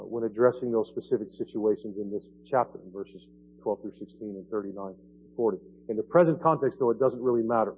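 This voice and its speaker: A man preaches in a church, relaxed and conversational, with frequent "right?" tags aimed at the congregation. The recording sounds dull and lo-fi, with a faint hum underneath. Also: mid-range voice. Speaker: pastor. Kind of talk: sermon. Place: church sanctuary.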